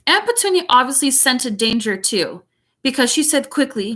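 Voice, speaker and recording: A woman's voice: high-pitched, sing-song, moderate pace, bright, forceful tone. A woman teacher reading a chapter book aloud, breaking off for chatty, giggly asides.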